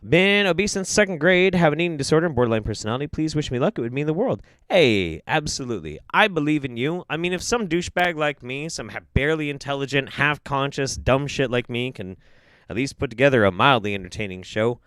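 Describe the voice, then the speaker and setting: A young man streaming live reaction commentary, ranting and swearing, swinging between loud outbursts and muttered asides. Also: medium pitch, lively intonation, quick pace, clean tone, no room sound, clean studio sound.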